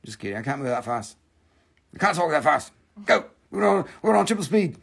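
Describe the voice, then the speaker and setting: A man hosting a live sales stream from his home, with rushed, joking sales patter. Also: fairly high pitch, very animated, vocal fry, a bit bright, breathy edge. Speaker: live-stream seller of rocks and jewelry.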